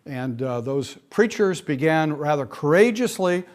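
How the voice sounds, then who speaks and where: A man's voice: fairly high pitch, expressive, measured pace. A middle-aged man giving a classroom lecture, speaking with frequent fillers and dry asides.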